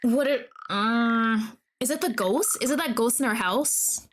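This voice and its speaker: A woman's voice: on the high side, measured pace, slight background noise. A young woman streamer reading a horror game aloud, breaking in with dramatic, alarmed reactions.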